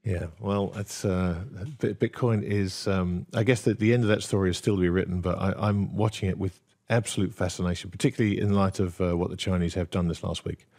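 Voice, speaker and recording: A man's voice: deep voice, fairly even intonation, a little fast, hardly any pauses, a little mellow. A man hosting an interview, reading out listener questions in a hesitant way with frequent ums and restarts. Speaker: host.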